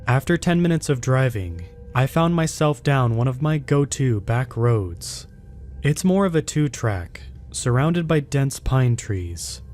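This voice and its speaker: A man at an ordinary middle pitch tells a first-person horror tale from a script. His delivery is steady and measured, keeping an even storytelling pace. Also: soft background music.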